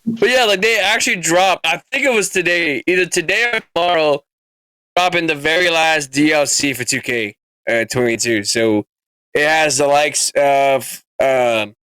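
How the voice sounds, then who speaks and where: A man's voice: on the high side, moderate pace, bright, forceful tone, smooth, dry recording. A man co-hosting a podcast in casual, rambling chat with many fillers. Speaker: podcast co-host.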